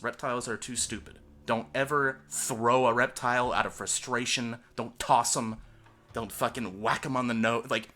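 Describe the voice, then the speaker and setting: A young man rambling through a crude storytime vlog in a bright, forceful voice. He sounds a little short of breath and swears freely, getting louder when he is worked up. Faint music sits in the background. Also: mid-range voice. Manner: crude, profane and animated, swinging loud when worked up. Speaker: vlogger.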